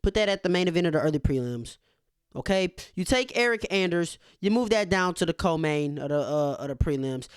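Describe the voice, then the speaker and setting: Smooth-voiced, blunt man. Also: high-pitched, no room sound, clean studio sound. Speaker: podcast co-host. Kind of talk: casual sports reaction chat.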